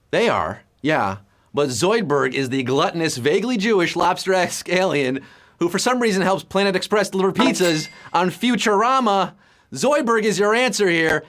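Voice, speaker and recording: A man hosting a live trivia game show, full of quick puns and jokes. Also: sits high, fairly bright tone. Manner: jokey, punny, quick patter.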